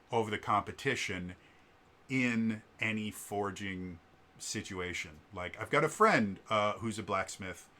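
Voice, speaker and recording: A man's voice: fairly low pitch, sharp tone. A man on his vlog, casually telling a long story with lots of fillers and restarts, acting out what people said. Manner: rambling, with many fillers and restarts; acts out quoted people. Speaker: vlog host.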